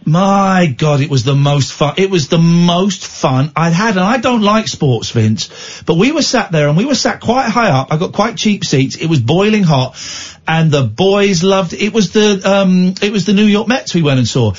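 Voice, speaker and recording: A man's voice: high voice, lively intonation, moderate pace, highs cut off. A man hosting a late-night call-in radio show, teasing callers in a jokey, rambling way. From Britain. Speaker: radio host.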